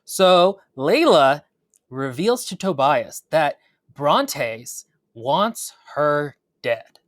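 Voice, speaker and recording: A woman's voice: sits low, very animated, very slow, no room sound. A woman co-hosting a book review podcast, giving sarcastic, dry commentary in casual chat. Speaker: podcast co-host.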